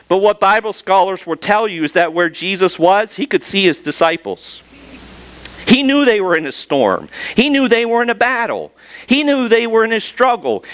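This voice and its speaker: A middle-aged male pastor preaching a sermon, telling a personal story and asking the congregation rhetorical questions, slowing down on key words. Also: high-pitched, fairly bright tone, smooth.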